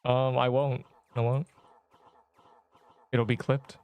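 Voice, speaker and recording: A hoarse young man casually chatting and joking while live-streaming a game. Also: mid-range voice, level tone, highs cut off. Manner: joking, chatty, quick to laugh.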